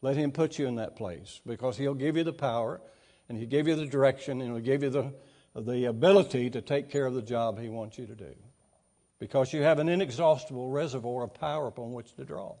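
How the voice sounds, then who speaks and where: A middle-aged man preaching a sermon in a folksy way, reading scripture aloud and swelling louder for emphasis. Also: medium pitch, fairly quick.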